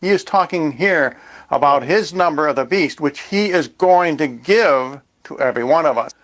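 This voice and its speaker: A man explaining a joke theory in a mock-serious, deadpan way. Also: fairly high pitch, moderate pace.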